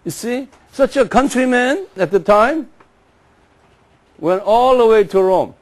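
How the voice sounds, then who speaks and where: A man lectures to a class in a fairly high voice. He moves slowly and deliberately, drilling pronunciations and asking listeners to repeat after him. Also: expressive. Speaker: Bible teacher.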